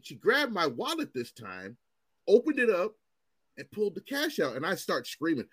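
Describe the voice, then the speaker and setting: A man in his forties telling stories in casual chat as host, animated and profane, acting out what others said. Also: sits high, normal speed, husky, no room sound. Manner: animated, profane, acts out quotes in raised voices.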